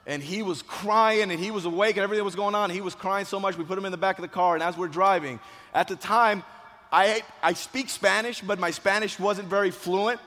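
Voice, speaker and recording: A man, once a police officer, telling a personal story as a motivational speech, dramatic and swinging between hushed and loud. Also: high-pitched, steady tone, fairly quick. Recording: long hall reverb.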